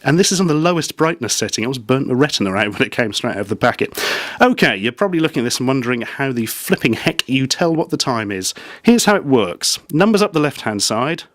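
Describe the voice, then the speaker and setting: A man's voice: medium pitch, very animated, quick pace, no echo. A man casually reviewing gadgets in a vlog, making dry, self-mocking asides.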